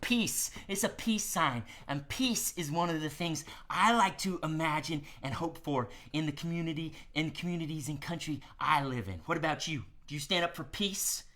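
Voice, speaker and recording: A man hosting a live-streamed children's show, talking gently to kids with many "um"s and "okay?"s. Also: on the high side, normal speed, few pauses. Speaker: children's entertainer host.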